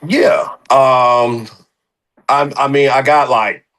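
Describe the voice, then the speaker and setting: A man's voice: mid-range voice, fairly even intonation, slow, a bit bright, rough recording. A young man from the Philadelphia area, a guest musician in a casual interview, rambling with slang and lots of fillers.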